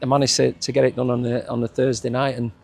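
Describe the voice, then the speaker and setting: A man's voice: medium pitch, level tone, fast, gravelly, a little mellow, husky, faint music behind. A middle-aged man with a Yorkshire accent, a former footballer reminiscing in a casual interview, rambling with frequent restarts and chuckles. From England.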